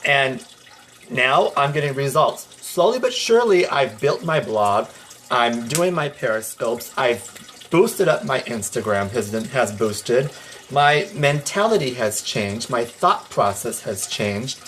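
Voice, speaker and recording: A man's voice: mid-range voice, expressive, a little slow, a bit bright, a little hiss or hum. A man gives a motivational pep talk on a phone livestream. His delivery is emphatic and preachy, and he breaks off to answer viewer comments. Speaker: livestream host.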